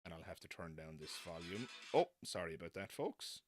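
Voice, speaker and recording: An animated, low male voice speaking a little fast, with a bit of hiss or hum in the recording. He's a non-American live-stream host, chatting casually and self-deprecatingly as he wanders through tangents.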